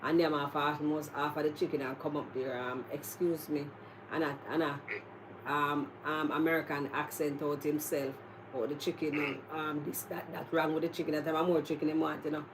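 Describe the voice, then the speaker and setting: A Jamaican woman hosting a casual chat, telling animated stories and laughing often. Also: low-pitched, moderate pace, background noise. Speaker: host.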